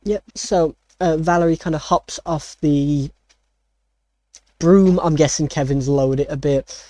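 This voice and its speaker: A man's voice: fairly high pitch, steady tone, a little slow, dark tone, dry recording. A man narrating as dungeon master in a casual, rambling way full of fillers. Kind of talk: narrating a tabletop game.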